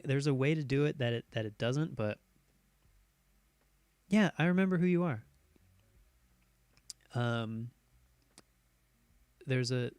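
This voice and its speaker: A man's voice: medium pitch, dry recording. A man hosting a casual live stream from a home setup, talking in an easygoing, rambling way with lots of fillers and restarts as he reacts to viewers' posts. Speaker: streamer host.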